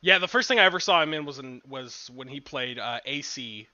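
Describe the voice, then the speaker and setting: A man's voice: mid-range voice, expressive, fairly quick, lo-fi sound, crowd noise. A young man co-hosting a podcast, chatting casually, laughing often and reading out viewer comments. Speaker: podcast co-host. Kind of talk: casual chat.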